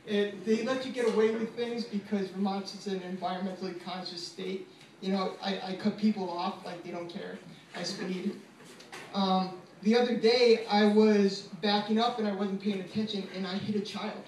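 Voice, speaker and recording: Speaking at a moderate pace in a high, darkish voice with a steady tone, a twenty-something law student works an open mic at a small comedy venue before a live audience. His set is casual, profane, self-deprecating, and full of fillers, and the far-off recording is echoey and noisy.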